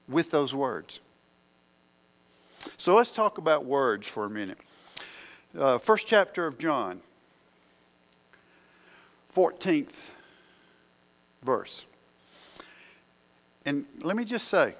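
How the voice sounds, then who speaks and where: A man preaching a sermon, asking the congregation questions as he works through the verses. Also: fairly high pitch.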